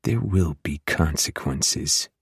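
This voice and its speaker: A cocky vampire lover, read by a man in an audiobook, teasing and intimate. His voice sits extremely deep and husky, with a dry, close sound and no room around it. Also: expressive, slow pace, dry recording, full character voice. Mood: teasing, seductive. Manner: low, teasing, intimate delivery. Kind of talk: audiobook dual narration.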